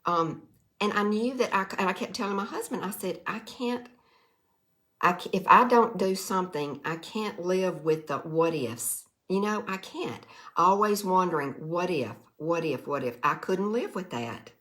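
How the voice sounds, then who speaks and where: A woman's voice: lowish voice, expressive, moderate pace, fairly bright tone. A middle-aged woman from the Mississippi Delta with a Southern accent, speaking earnestly to camera in a folksy, heartfelt way, often repeating herself. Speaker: direct sales vlogger. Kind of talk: emotional testimonial to camera.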